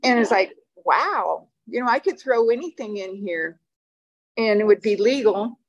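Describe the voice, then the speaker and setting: A woman's voice: medium pitch, lively intonation, unhurried, dull audio. An older woman speaking at a recovery meeting, telling personal stories in a loose, rambling way full of fillers. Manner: rambling, warm storytelling with fillers and laughs. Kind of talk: personal testimony talk. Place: meeting room.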